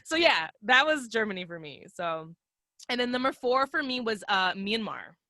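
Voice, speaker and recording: A young adult woman chatting on a podcast with a bright, forceful edge and a voice pitched a bit high. She tells stories loosely and swears a lot, slipping into the voices of the people she quotes. The sound is close and dry. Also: normal speed, no room sound. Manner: profane, animated storyteller who acts out quoted voices. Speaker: podcast guest. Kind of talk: casual chat.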